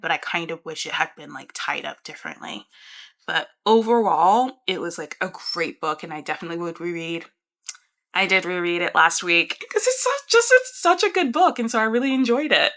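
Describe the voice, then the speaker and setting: A young woman talks to camera about the books she has read lately, in a casual, chatty way. Her voice is bright and clear, she laughs often, and she trails off into half-finished sentences. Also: lowish voice. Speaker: book vlogger. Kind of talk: casual reading wrap-up chat.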